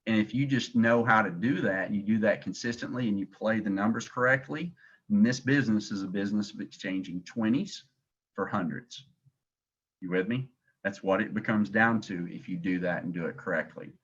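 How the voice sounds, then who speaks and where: A man with a Southern accent runs a sales training call, his voice sitting low and pressing each point again and again. He speaks like a motivated director rallying new agents. The sound is dull and lo-fi, as if carried over a call. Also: a bit bright, breathy edge. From Tennessee, US. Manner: motivational, emphatic and repetitive. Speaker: agency director.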